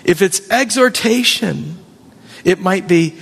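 Husky man preaching in a reverberant hall. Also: sits high, slow. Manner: animated, acts out quoted voices. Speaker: pastor. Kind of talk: sermon. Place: church hall.

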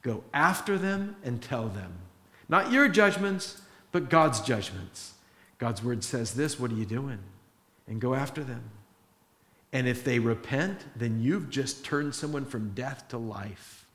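Male pastor preaching a lively sermon, mid-pitched, echoey hall sound. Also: a little slow. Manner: animated preaching, acts out prayers in voices. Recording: roomy echo.

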